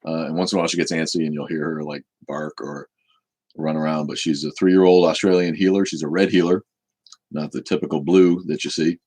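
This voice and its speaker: A man's voice: rumbling low, little pitch movement, brisk, darkish tone. A man in his fifties hosting a live question-and-answer stream, talking bluntly and with profanity about his views. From United States. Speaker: show host.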